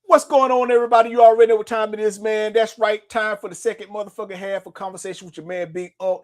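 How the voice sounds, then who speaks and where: A man's voice: sits high, steady tone, quick pace. A man hosting his own show, talking in a laid-back, repetitive way, with "man" at the end of nearly every line. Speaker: show host. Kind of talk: casual motivational monologue.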